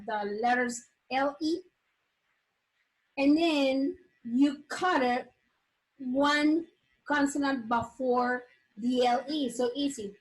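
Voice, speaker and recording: A woman's voice: high-pitched, poor audio. A woman teaching an online English class, explaining patiently with fillers and repeated words.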